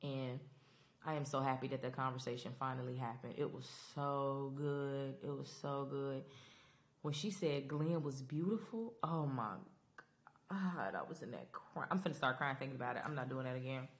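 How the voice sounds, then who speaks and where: A woman's voice: a bass voice, fairly quick. A woman hosting a podcast, talking casually and emotionally to her listeners in a Black while recapping a TV finale. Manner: expressive, emotional, rambling, talks to listeners directly. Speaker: podcast host.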